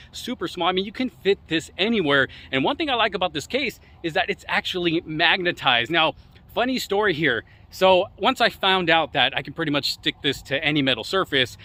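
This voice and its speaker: Bright-voiced chatty man vlogging on a walk. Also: fairly high pitch. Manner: chatty, loose, with many fillers. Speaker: tech vlogger. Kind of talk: casual walk-and-talk review. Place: outdoors, walking and jogging. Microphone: phone he carries with him.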